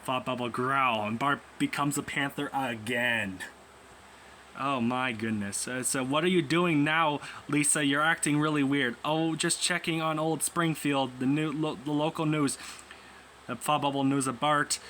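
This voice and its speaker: A man's voice: mid-range voice, fairly even intonation, a little slow, bright, forceful tone. A young man casually reading a comic aloud, voicing every character in his own voice and stumbling over words as he goes. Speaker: comic reader. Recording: faint background noise.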